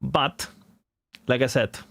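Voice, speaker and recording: A man's voice: mid-range voice, steady tone, slow, a bit bright, dry recording, studio quality. Chatty man streaming a game. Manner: rambling, chatty, laughs at himself. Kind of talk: casual live-stream chat.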